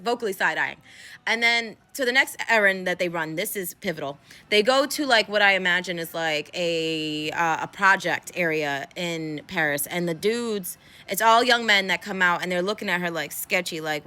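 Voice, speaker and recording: A woman talks through a TV episode in a loose, rambling way, full of fillers and self-corrections. She keeps breaking into quick acted-out quotes with big jumps in pitch. Her voice is bright and clear. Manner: animated, acts out characters' lines with big pitch jumps. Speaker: cultural commentary host. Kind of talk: casual recap and commentary.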